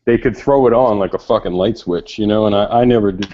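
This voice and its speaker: A man's voice: lowish voice, fast, warm tone. A man from New York rambling in a casual voice chat, profane and full of "like". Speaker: chat participant. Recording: lo-fi voice chat audio.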